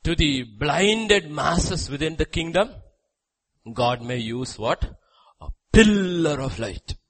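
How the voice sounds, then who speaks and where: A man preaching a sermon, swinging between loud, declaiming lines and hushed, quiet ones. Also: a little high, lively intonation, takes it slowly, rough recording.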